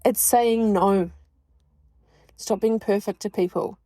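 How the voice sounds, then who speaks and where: A woman's voice: mid-range voice, fairly even intonation, slow pace, dark tone, no room sound. A woman in her forties hosting a podcast, talking candidly and bluntly about her own life, swearing freely and laughing often. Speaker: podcast host. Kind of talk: candid personal monologue.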